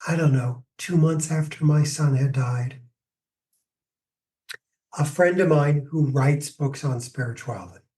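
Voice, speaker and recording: Slow, reflective high-voiced man. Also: a little mellow, distant mic. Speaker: grief expert guest. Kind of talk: podcast interview, storytelling answers.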